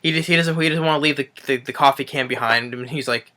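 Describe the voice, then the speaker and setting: A man's voice: mid-range voice, quick pace, pushed and bright. A man recapping a movie in a casual review, rambling with frequent restarts and swearing.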